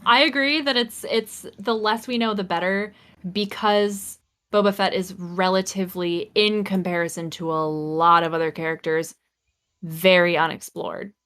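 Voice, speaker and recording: A woman's voice: on the low side, fairly even intonation, a bit bright, smooth. A woman co-hosting a live fan talk show, chatting casually and often agreeing with short replies. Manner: agreeable, quick short affirmations. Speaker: podcast co-host. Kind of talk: casual live-stream chat.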